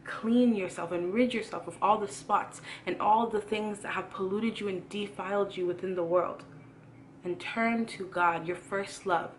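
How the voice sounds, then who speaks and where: A woman's voice: medium pitch, normal speed, slight background noise. A young woman giving a casual sermon, earnest and preachy, repeating phrases for emphasis. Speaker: youth Christian vlogger preaching.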